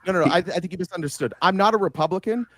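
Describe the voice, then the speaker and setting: A man in a heated online debate, halting at first and then quick and combative, speaking into a home computer mic on a voice call. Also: high-pitched, no echo. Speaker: debate participant.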